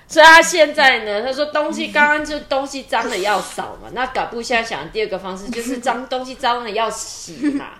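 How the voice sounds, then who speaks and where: A woman chattily explaining a children's story in short phrases, pausing on fillers. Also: fairly high pitch, animated, sharp tone, echoey room.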